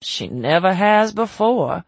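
A woman voicing a wry, dying grandmother from the American South with a low, drawling Southern accent. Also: very animated, slow pace, slightly rough, no echo, exaggerated voice. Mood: dry teasing. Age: older.

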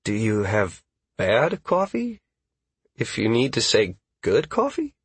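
A man reading an audiobook voices a put-upon young male fighter who complains and stammers, in a husky voice. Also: fairly high pitch, measured pace, darkish tone, no echo, pitched above the performer's own voice. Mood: complaining.

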